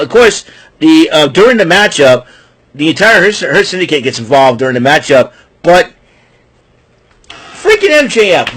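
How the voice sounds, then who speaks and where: Husky man ranting about wrestling. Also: fairly high pitch, a bit bright. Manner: ranting, exasperated, rambling. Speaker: show host. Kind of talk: wrestling recap commentary.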